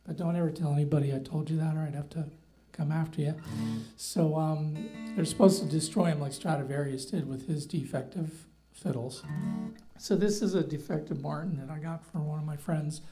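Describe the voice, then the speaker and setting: A man's voice: a little high, steady tone, fairly quick, poor audio. A middle-aged man from New Jersey with a light North Jersey accent, telling rambling, self-deprecating stories between songs at a live show. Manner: wry, rambling storyteller with self-deprecating asides. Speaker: doctor and singer-songwriter on stage. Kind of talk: stage banter between songs. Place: live music venue. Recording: guitar faintly behind.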